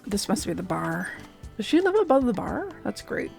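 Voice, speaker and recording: A woman's voice: medium pitch, sing-song, moderate pace, creaky, darkish tone, faint music behind. A woman streamer chatting casually while playing a game, laughing often and filling with lots of likes.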